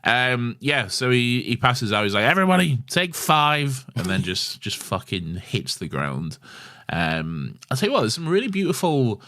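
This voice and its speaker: A man's voice: fairly low pitch, very animated, moderate pace, sharp tone. A man co-hosting a podcast in casual chat, teasing and swearing freely. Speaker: podcast co-host.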